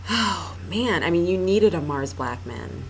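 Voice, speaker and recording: A woman's voice: on the low side, animated, unhurried, creaky, a little hiss or hum, poor audio. A middle-aged woman hosting a podcast, chatting casually about a film with a wry, snarky, joking manner. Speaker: podcast host and radio producer. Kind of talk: casual film-review chat.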